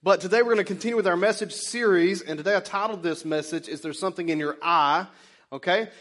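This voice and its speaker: Male pastor, high voice, chatty storytelling sermon, talks back and forth with the congregation. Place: church sanctuary.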